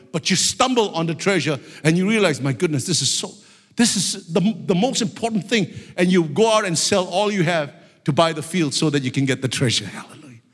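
A man preaching a sermon with fervent passion, at times shouting out prayers. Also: high-pitched, long reverb tail.

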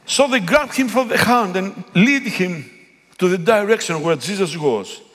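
A man whose first language is Greek, preaching a sermon in a church, pleading and rising to loud calls. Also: high voice, expressive, unhurried, slightly rough. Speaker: pastor. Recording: long echo of a big hall.

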